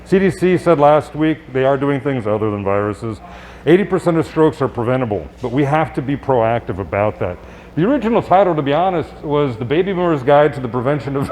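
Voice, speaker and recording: A man with a medium-pitched, slightly mellow voice gives an upbeat health talk as a live presentation in a public event space, with a little background noise. He keeps it conversational, tossing in rhetorical questions and quick asides.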